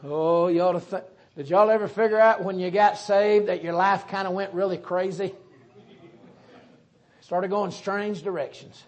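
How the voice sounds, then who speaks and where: A middle-aged man with a Southern US accent preaching a sermon in a folksy, joking, animated way. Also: high voice, normal speed. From Southern United States.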